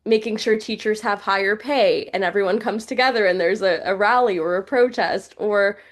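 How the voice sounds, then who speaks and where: A woman's voice: medium pitch, moderate pace. Brief: young woman guest, open and chatty, conversational podcast delivery. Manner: chatty, heartfelt, many fillers like "like". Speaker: journalist and news reporter guest.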